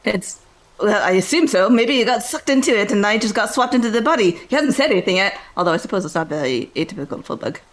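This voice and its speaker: A woman playing a tabletop role-playing game, describing her character's actions in an animated way. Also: fast, low-quality recording. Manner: animated, jumps into shrill character outbursts. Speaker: player.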